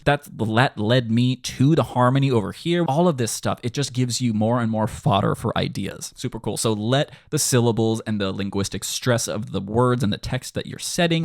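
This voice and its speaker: A man's voice: mid-range voice, no echo, clean studio sound. A man teaching songwriting in an online tutorial, enthusiastic and sounding out syllables to show word stress. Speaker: music composition teacher. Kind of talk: screen-share music tutorial.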